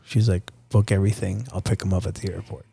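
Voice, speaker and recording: A man's voice: low voice, little pitch movement, fast talker, gravelly, dark tone, a little hiss or hum. A young man from Nicaragua, a podcast guest telling a personal story in a candid, profane, casual way. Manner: candid and profane, addresses host as dude and bro.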